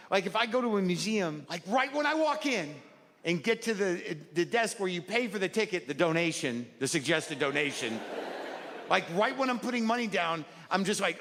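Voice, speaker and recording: Man, stand-up comic, neurotic self-deprecating rants, high voice, long venue reverb, loud room noise. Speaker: stand-up comedian. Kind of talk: stand-up comedy set. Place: stage in a comedy venue.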